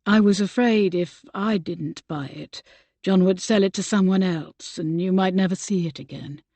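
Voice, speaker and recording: A woman reading the part of a tender, earnest gentleman suitor in a soft, hushed voice. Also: on the low side, moderate pace, dry recording, close to an everyday voice.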